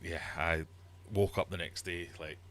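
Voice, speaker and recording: Deep-voiced man, animated storytelling. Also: measured pace, slight background noise. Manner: animated storyteller, exasperated outbursts. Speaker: livestream host. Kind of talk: casual livestream chat. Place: home fish room.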